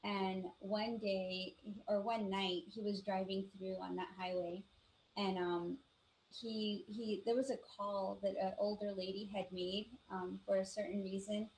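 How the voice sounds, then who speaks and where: A woman from the Navajo Nation, co-hosting a live show and telling ghost stories in a casual, animated way, acting out the voices of the people in them. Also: medium pitch, a little slow, a little hiss or hum, low-quality recording. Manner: animated storyteller, acts out quoted voices, many "like" fillers. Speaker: podcast co-host. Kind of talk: casual storytelling chat.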